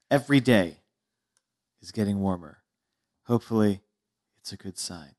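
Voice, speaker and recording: A man co-hosting a podcast, reading a teenage poem aloud in slow, deadpan drama. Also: fairly low pitch, no room sound, studio quality. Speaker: podcast co-host. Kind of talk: casual chat, mock-dramatic reading.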